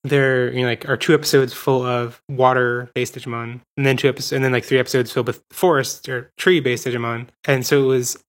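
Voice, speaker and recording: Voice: medium pitch, level tone, fairly quick, few pauses. Thoughtful, analytical podcast co-host. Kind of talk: casual chat.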